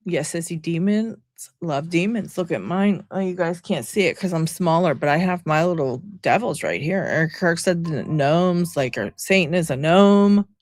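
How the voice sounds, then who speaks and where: A woman's voice: fairly low pitch, moderate pace, a little mellow, dry recording, clean studio sound. A woman giving casual, sarcastic reaction commentary from home, talking to her viewers. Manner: sarcastic, exasperated, chatty. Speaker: commentary vlogger.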